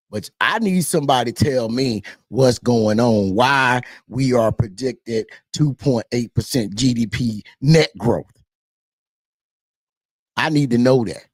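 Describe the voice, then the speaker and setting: A male host with a Southern US twang giving casual political commentary straight to his viewers, animated and preachy, repeating his points and calling the audience y'all. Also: medium pitch, no room sound, studio quality. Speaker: political talk show host.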